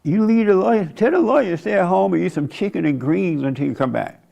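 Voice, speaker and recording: A man in his seventies delivers a casual sermon from his church show. His voice sits somewhat high for a man and carries a gravelly edge. He talks in a folksy, conversational way, laughing often and mocking as he preaches. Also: animated, fast, dark tone. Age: 70s. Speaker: church host. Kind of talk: sermon monologue.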